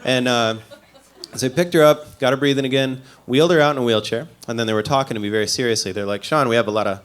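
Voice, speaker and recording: A male comedian from the Midwest tells a long story in a loose, conversational way. He makes fun of himself as he goes and drops dry side remarks. His voice sits at an ordinary middle pitch for a man. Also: quick pace, smooth. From American Midwest. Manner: loose, self-mocking storytelling with dry asides. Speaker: stand-up comedian. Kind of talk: stand-up comedy.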